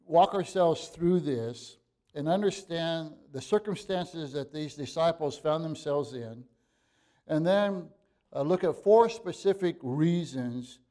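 A man's voice: fairly high pitch, warm tone. A man preaching an evening sermon, reading scripture aloud and then explaining it earnestly, with frequent fillers and restarts and sudden emphatic bursts.

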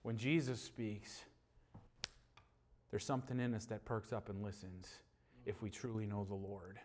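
A man preaching a sermon, moving between loud emphatic passages and quiet, low stretches, with homely stories about his dog and family. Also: steady tone, a little fast, slight background noise.

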